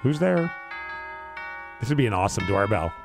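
A man's voice: fairly low pitch, big pitch swings, normal speed, creaky, music in the background. A man hosting a radio show, talking in an enthusiastic, loose and chatty way into a studio microphone. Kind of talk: casual radio interview chat.

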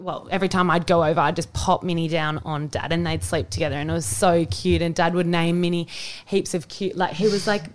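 A young adult woman with an Australian accent, co-hosting a podcast and talking casually and emotionally, with many restarts and fillers. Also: fairly low pitch. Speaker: podcast co-host. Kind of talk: casual chat.

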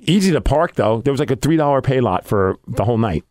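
Animated man telling a story. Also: mid-range voice, fast, no echo, clean studio sound. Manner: animated storyteller, acts out his own reactions. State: losing his voice. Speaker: podcast host. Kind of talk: casual chat, storytelling.

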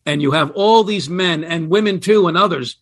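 A man, a guest scholar, talking in a radio interview, explaining ideas with animated emphasis and reading quotations aloud. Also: sits high, moderate pace. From United States.

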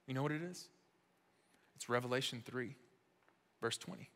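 Bright-voiced man preaching in a reverberant hall. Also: mid-range voice, normal speed, long pauses. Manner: impassioned, repetitive preaching that drops to hushed intimate tones. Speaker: pastor speaking to young adults. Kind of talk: sermon. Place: church auditorium. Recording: long reverb of a large hall.

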